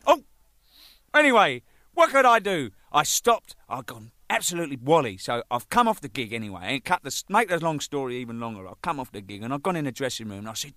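An older man, a band's drummer, telling rambling, profane stories, laughing and acting out the shouting in them. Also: fairly high pitch, sing-song, fast talker, no room sound, clean studio sound. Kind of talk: casual anecdotal storytelling.

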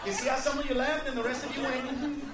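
Man, stand-up comic, brash and profane, very high voice, echoey club from afar, loud crowd behind. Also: fairly even intonation, racing, heavy background noise. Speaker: stand-up comedian. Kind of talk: stand-up comedy set. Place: comedy club stage. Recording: echoey live club from a distance. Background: audience laughter.

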